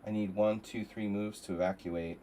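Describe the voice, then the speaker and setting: Streaming a chess simul, a man mutters through his move calculations and banters with chat, his wry asides wandering as he goes. His voice is lowish, steady, and mellow at a normal speed, and the low-quality recording carries a little hiss or hum.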